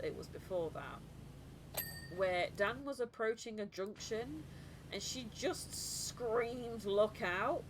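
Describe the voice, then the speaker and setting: A woman streamer telling stories in casual chat, laughing often and acting out other people. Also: mid-range voice. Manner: laughs often, animated storytelling with voiced impressions. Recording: live stream with clear background noise.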